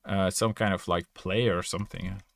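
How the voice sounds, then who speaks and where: With a low, gravelly voice and fairly even intonation at a moderate pace, a Norway-born man chats in English with a Norwegian accent. A podcast guest or player, he hesitates, self-corrects and laughs frequently, and there's no room sound.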